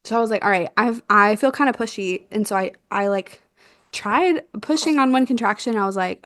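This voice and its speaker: A young woman telling a birth story in a casual chat, animated and quick to laugh, acting out what was said. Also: medium pitch, no room sound, studio quality. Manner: animated, laughs often, acts out quotes. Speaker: guest, doula.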